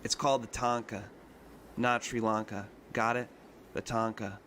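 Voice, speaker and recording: A man voicing a sullen young man who speaks curtly in an even, low voice, in a novel read aloud. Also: measured pace, a little hiss or hum. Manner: flat, curt.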